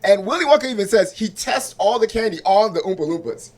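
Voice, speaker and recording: A man's voice: sits high, lively intonation, quick pace. A man doing a stand-up set at an open mic in a small comedy club, talking conversationally and often checking in with the crowd. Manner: conversational, asks crowd for agreement.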